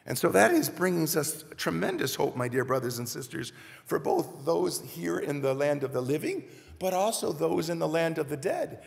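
A man's voice: fairly high pitch, very animated, normal speed, vocal fry. A man preaching a sermon as minister, speaking earnestly and addressing the congregation directly, recorded in a church sanctuary. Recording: reverberant church live stream.

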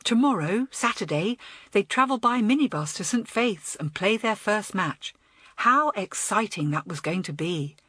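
A woman narrating a children's audiobook in an expressive, storytelling manner. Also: mid-range voice, unhurried, breathy edge.

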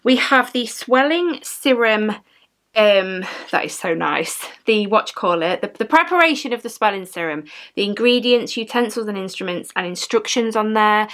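A woman talks through an unboxing in a casual, chatty way. She gushes over each piece and reads the item descriptions aloud. Her pitch sits in the middle for a woman. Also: lively intonation, normal speed, fairly bright tone. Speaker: unboxing vlogger.

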